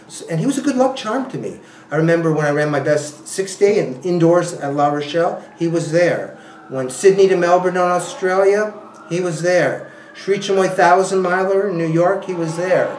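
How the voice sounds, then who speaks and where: A man's voice: high voice, moderate pace, a little hiss or hum. A man being interviewed about ultrarunning, telling stories casually with frequent laughs and restarts. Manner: animated, laughing often, many restarts and you-knows. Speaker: ultrarunner guest. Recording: roomy, a bit distant from the mic.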